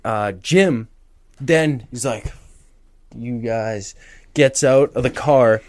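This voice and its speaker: A young man co-hosting a podcast, telling an animated story with lots of laughter and acted-out quotes. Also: medium pitch, takes it slowly, no echo. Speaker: podcast co-host. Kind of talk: casual storytelling chat.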